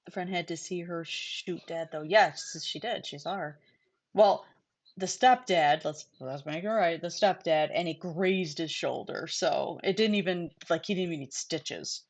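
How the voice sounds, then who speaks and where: A woman's voice: fairly low pitch, measured pace. A woman hosting a casual livestream chat, talking bluntly, swearing freely and laughing often. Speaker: host.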